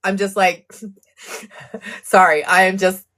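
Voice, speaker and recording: A woman's voice: mid-range voice, steady tone, takes it slowly, fairly bright tone. A woman doing casual live-stream commentary on a legal case, agitated and fired up, venting and reading viewer comments aloud. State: agitated, blood pressure up. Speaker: true crime live streamer.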